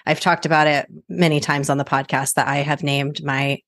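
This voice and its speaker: A woman host of an interview podcast with a notably deep voice. She talks to her guest in a casual, affirming and encouraging way. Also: flat delivery, normal speed, a bit bright.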